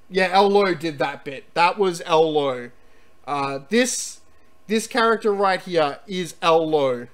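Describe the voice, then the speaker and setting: A man streaming a retro computer game, chatting excitedly and reading the game's text aloud. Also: on the high side, slow. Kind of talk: casual gameplay commentary and reading game text.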